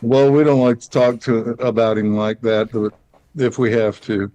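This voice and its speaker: A man's voice: medium pitch, level tone, moderate pace, dark tone, rough recording. Dry, wisecracking male co-host. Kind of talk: casual live-stream banter.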